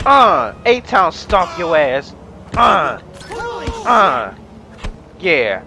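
A young man casually commenting on his own gameplay, rambling and profane, breaking into excited shouts. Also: high voice, slow pace, a little hiss or hum. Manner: rambling, profane, bursts into excited yelling and laughter. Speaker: gamer narrating his gameplay. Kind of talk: casual let's-play commentary. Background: game music and sounds.

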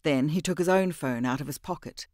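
A man narrating an audiobook in a measured, even storytelling voice on a close mic. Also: on the high side, dry recording. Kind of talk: scripted narration.

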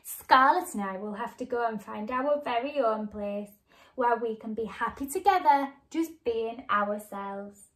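A woman voicing a gentle, kind male snail in a storybook reading, speaking softly and reassuringly. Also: a little high, measured pace, lightly acted. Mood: tender.

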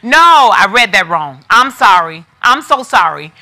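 Bright-voiced woman hosting a live sale. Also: a little high, very animated, a little slow, few pauses. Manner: chatty and familiar, calls viewers by name; repeats prices eagerly, thinks aloud. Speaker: host of a live online sale. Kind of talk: live shopping sales pitch.

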